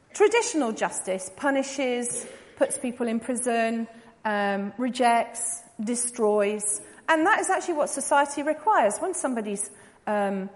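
A woman's voice: a little high, big-room sound. A woman giving a talk as a psychodrama practitioner, telling a story vividly and earnestly.

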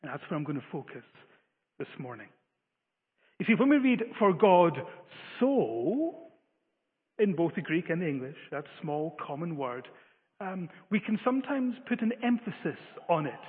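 A man's voice: a little high, sing-song, normal speed, breathy edge. A man preaching a sermon with earnest, emphatic delivery and frequent stumbling restarts. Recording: phone-like, long-reverb hall.

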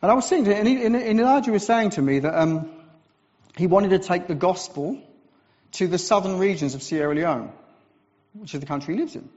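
A man from England, a visiting preacher, giving a sermon with animated storytelling and self-deprecating asides. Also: high-pitched, brisk. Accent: English. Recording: dull recording with long church reverb.

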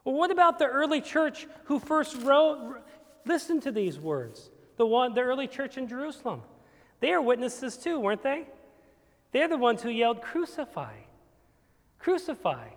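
In a church sanctuary, a pastor preaches as if to a congregation, his high-pitched voice swelling from hushed to forceful. The room gives every word a long echoing tail.

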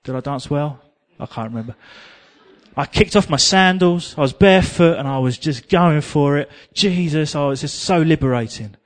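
In his sermon, an Englishman with a slightly high voice speaks at a moderate pace, telling a personal story. He's animated, mocks himself with humor, and occasionally sings a few lines.

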